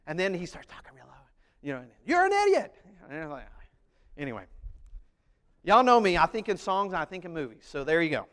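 A man preaching a sermon as pastor, animated, acting out voices and singing short snippets. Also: fairly high pitch, a little fast, long pauses, long reverb tail.

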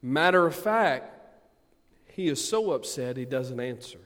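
Slow preacher in echoing hall. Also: male voice, animated. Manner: swings from booming emphasis to quiet asides. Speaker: pastor. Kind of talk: sermon. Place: church sanctuary. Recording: long hall reverb.

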